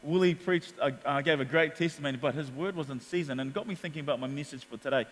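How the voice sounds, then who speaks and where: A man with a New Zealand accent preaching a sermon as pastor, animated in his storytelling. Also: fairly high pitch, quick pace, long reverb tail, a little hiss or hum. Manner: animated storytelling, acts out quotes.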